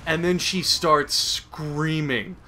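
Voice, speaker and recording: A man's voice: mid-range voice, moderate pace, bright, forceful tone. Crude, sarcastic young man ranting. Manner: crude, sarcastic, rambling, mocking voices. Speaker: gaming commentator. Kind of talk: comedic gameplay commentary rant.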